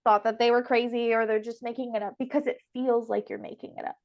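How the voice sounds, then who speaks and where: A woman's voice: fairly high pitch, fairly even intonation, fast talker, highs cut off. A young woman hosting a casual spiritual podcast conversation, chatty and emotional, laughing often. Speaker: podcast host and medium.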